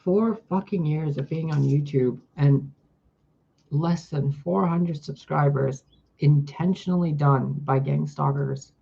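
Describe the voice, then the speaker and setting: Husky, ranting woman vlogger. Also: low voice, slow pace, warm tone, dull audio. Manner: profane, exasperated, ranting. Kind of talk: casual vlog rant. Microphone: phone mic.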